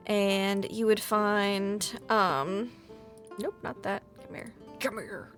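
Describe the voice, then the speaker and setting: A woman's voice: medium pitch, a bit bright. A woman game master narrating a tabletop game in a loose, rambling way with many fillers.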